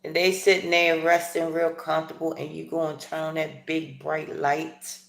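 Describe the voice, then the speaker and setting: A middle-aged woman hosting a casual livestream, chatting in a rambling, playful way with animated asides. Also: deep voice, normal speed, vocal fry, echoey room. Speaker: livestream host. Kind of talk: casual live chat while eating breakfast.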